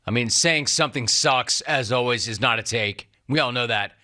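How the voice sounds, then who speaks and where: A man's voice: medium pitch, normal speed, sharp tone. A middle-aged man hosting a sports talk show, delivering an emphatic, sarcastic monologue and repeating lines for punch. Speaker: sports radio host.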